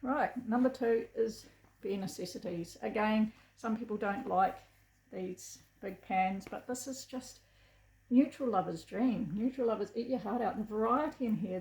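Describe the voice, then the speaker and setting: A woman's voice: fairly high pitch, gravelly, a little mellow. A middle-aged woman with a New Zealand accent, chatting to camera as a beauty vlogger, gushing and enthusiastic. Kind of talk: casual chat to camera. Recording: echoey room.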